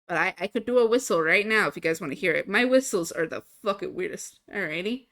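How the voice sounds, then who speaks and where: A woman's voice: lowish voice, lively intonation, quick pace, fairly bright tone. A young woman streamer chatting casually into a desk mic, rambling and swearing freely. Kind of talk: casual live-stream chat. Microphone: desk microphone.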